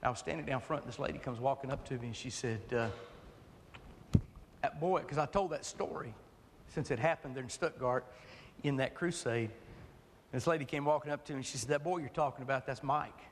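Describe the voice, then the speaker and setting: A man preaching a sermon, shifting from impassioned shouts to soft, quiet storytelling. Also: medium pitch, brisk, pauses often. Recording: reverberant hall, faint noise.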